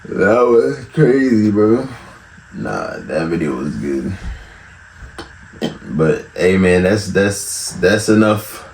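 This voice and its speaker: A man with a deep, low voice reacts and signs off in loose, slangy chat. His words carry the roomy echo of a bare room. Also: lively intonation, takes it slowly, vocal fry, pauses often, darkish tone, recorded from a distance, slight background noise. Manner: slangy, laid-back, says "bro" and "y'all". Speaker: reaction video host. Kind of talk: casual reaction commentary.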